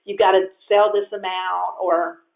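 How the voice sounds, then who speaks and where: A woman answers interview questions about her work in an animated, competitive way, pitching up sharply whenever she acts out her own past words. The sound is narrow and phone-like. It also carries a roomy echo. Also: unhurried, vocal fry. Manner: animated, competitive, voices rise when quoting herself. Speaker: guest, real estate agent. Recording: echoey, phone-like audio.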